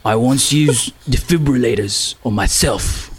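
A hard-boiled male spy bragging in a put-on Cockney accent, as a man does an impression. He talks slowly and deadpan, pitched in a middling range. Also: noisy background, close to an everyday voice. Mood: boastful.

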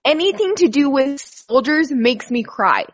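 A woman with a fairly high, lively voice shares stories in an easygoing chat among friends. She sounds earnest and emotional and laughs easily. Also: unhurried, slight background noise. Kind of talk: casual chat.

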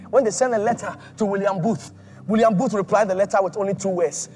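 Male preacher, high voice, fervent and repetitive, soft music underneath. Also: steady tone, fast talker. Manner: impassioned, repetitive, swings from loud to hushed. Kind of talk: sermon.

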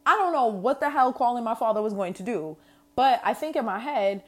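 A woman's voice: a little high, animated, fairly quick. A woman with a New York accent telling a storytime vlog in a brash, casual way, full of slang and swearing. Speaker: vlogger.

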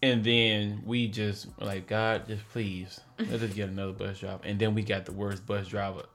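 A young man, telling a story as a podcast co-host in casual chat, animated and laughing, mimicking voices. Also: on the low side, moderate pace.

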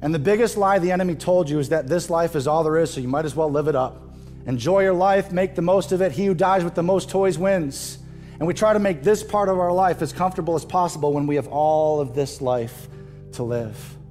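A male pastor preaching a sermon to his church, impassioned and rising loud at emotional peaks. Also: fairly high pitch, brisk, soft background music. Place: church stage.

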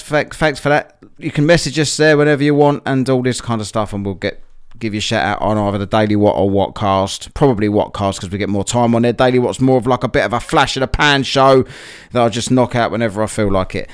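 A man's voice: medium pitch, fairly quick, clear, resonant tone. A man hosting a casual solo podcast, rambling and chatty with lots of fillers, a bit out of breath after a workout. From England. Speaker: podcast host.

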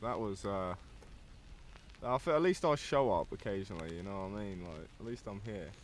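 A young man co-hosting a casual podcast, telling stories with animated bursts. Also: on the low side, a little fast, slight background noise. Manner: animated storyteller. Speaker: podcast co-host.

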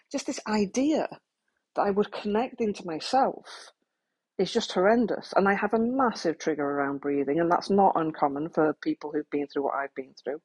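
A woman's voice: mid-range voice, a little mellow, husky. A woman speaking frankly and practically to the listener about coping with trauma, with some self-deprecating asides. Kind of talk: candid talk to the listener.

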